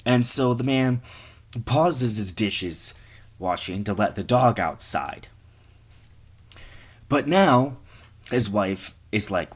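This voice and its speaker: A man's voice: fairly low pitch, very animated, takes it slowly, pauses often, slightly rough. Rambling man telling a crude tale. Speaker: comedy storyteller. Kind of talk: improvised comic storytelling.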